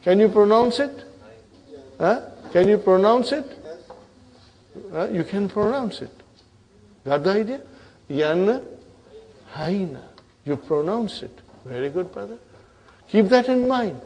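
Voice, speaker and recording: Slow, higher-pitched man drilling verbs. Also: expressive, a little mellow. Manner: drills verb forms, keeps asking "huh?" and "okay?"; calls the student "brother". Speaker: Arabic teacher. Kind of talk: classroom grammar lesson.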